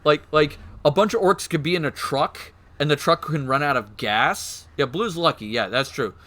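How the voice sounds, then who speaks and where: A man streaming, excitedly explaining game lore in casual chat, swearing and laughing. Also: fairly high pitch, normal speed.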